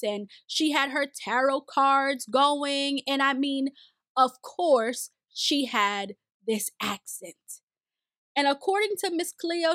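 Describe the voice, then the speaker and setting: High-pitched chatty woman, dry sound. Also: dry recording. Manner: animated, chatty, asks "okay?". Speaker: video host reviewing a documentary. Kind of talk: casual commentary.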